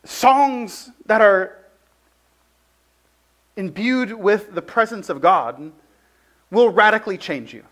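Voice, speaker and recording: A man with a strikingly high voice preaches in an easygoing, chatty way. He fills his sentences with "like" and tells stories with animation. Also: slow pace, pauses often. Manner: conversational, heavy use of "like", animated storytelling. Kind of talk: casual sermon with personal story.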